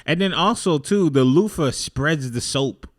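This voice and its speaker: A man's voice: a little high, lively intonation, unhurried. A man hosting a podcast, chatting loosely with a joking, laid-back manner and slang. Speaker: podcast host. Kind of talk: casual chat.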